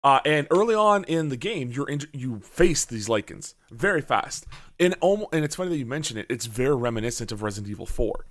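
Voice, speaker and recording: A man chatting on a podcast, telling a story in an animated way and acting out his own reactions, with a lot of swearing. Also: medium pitch, brisk. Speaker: podcast host. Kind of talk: casual podcast chat.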